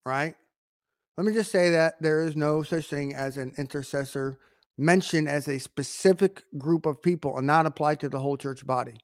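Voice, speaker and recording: Male preacher, sermon, emphatic delivery, frequent restarts, slightly high voice, dry recording. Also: moderate pace, dry recording.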